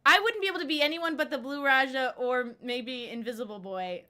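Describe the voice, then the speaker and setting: Bright-voiced chatty woman streamer. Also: sits high, brisk. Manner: chatty, laughs often, rambling asides. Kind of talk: casual gameplay commentary.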